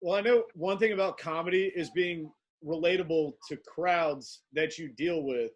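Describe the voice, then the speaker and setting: A male podcast host asking measured, thoughtful interview questions. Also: on the high side.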